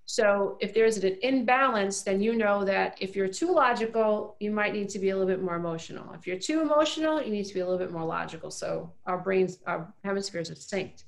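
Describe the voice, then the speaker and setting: Middle-aged woman, interview guest, emphatic and earnest, mid-pitched, repeats herself for emphasis. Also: a little fast, gravelly, few pauses. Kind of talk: casual interview talk.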